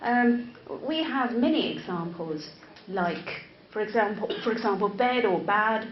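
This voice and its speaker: A woman's voice: medium pitch, animated. A woman professor whose first language is Chinese gives a classroom lecture to teachers, often repeating words and checking in with "right?". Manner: slow, deliberate, interactive with the audience. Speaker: English teacher-educator, professor. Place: lecture room. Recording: echoey, slightly dull room recording with faint noise.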